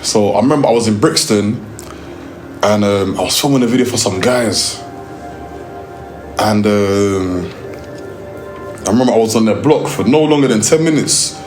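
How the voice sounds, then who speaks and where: A young man with a London accent tells a lively, slang-heavy story from his work filming music videos. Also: fairly low pitch, moderate pace, long pauses, reverberant. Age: young adult. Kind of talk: storytelling interview.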